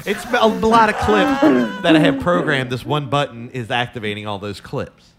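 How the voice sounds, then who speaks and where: A man's voice: mid-range voice, normal speed, fairly bright tone, a little hiss or hum. A man co-hosting a casual podcast who runs the sound clips, rambling and easygoing as he explains things. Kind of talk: casual chat.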